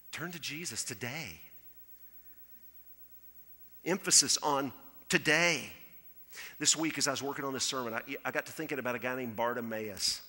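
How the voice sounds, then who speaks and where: A pastor preaching a conversational sermon, acting out quoted voices and dropping to a hush for his appeals. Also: mid-range voice. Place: church sanctuary. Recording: hall reverb in a church.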